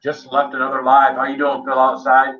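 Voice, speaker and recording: A man's voice: mid-range voice, monotone, a little fast, lo-fi sound. Chatty man hosting a live stream. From United States. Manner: chatty, greets viewers by name. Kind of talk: casual chat on a live stream. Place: basement.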